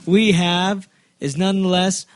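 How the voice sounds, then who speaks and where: A man's voice: sits high, little pitch movement, unhurried, no room sound. Rambling, eager young-sounding male host. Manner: rambling, enthusiastic, stumbles over words. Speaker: podcast host. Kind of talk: casual chat.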